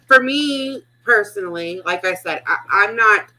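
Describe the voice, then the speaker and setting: Woman, stream host, casual and soothing, very bright tone. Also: mid-range voice, unhurried. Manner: conversational, calming, hedges with "like" and "um". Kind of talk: casual live stream chat.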